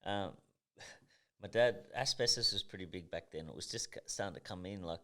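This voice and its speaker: A man in his thirties from Tasmania with a strong Australian accent, speaking in a very low, heavy voice. He tells stories bluntly and intensely, with swearing in nearly every line, in a casual podcast chat. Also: normal speed, bright, forceful tone. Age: 30s. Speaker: guest, professional boxer.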